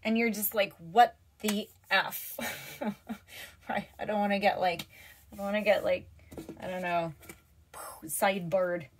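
A woman's voice: mid-range voice, steady tone, normal speed, pauses often, a little hiss or hum. A woman giving a casual, emotional tarot reading to her viewers, getting teary, chatting with lots of fillers and restarts. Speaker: tarot reader.

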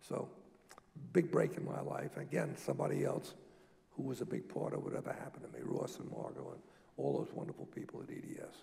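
An older man, a guest at a public talk, telling lively business stories and acting out the dialogue. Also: mid-range voice, fairly quick, creaky. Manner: animated storyteller, acts out quoted dialogue. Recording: echoey hall.

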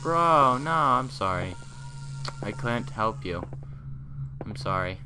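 A man's voice: mid-range voice, expressive, takes it slowly, over music. A man doing casual horror game commentary, joking around, talking to objects in the game and yelping when startled. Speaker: gameplay commentator.

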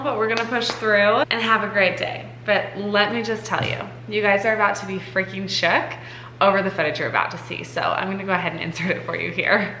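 A woman's voice: mid-range voice, little pitch movement, fairly quick, gravelly, bright, forceful tone, echoey room, a little hiss or hum. A young woman hosting a home vlog, talking to the viewers through a handheld camera in a gushing, bubbly way, with a groggy morning voice. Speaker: vlog host. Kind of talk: casual vlog talk to camera. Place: at home, indoors.

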